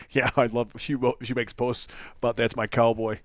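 A man's voice: mid-range voice, level tone, moderate pace, a bit bright, dry recording. A man in the middle of his range hosts a loose podcast chat, rambling, joking and cursing offhand. The sound is dry and close, with no room around it. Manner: joking, rambling, swears casually. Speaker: podcast host. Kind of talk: casual chat.

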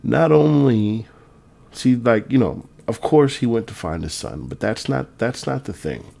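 A man's voice: mid-range voice, animated, measured pace, vocal fry, dark tone. A man talking in a loose, rambling, profane casual monologue. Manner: rambling, profane, laid-back. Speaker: vlogger.

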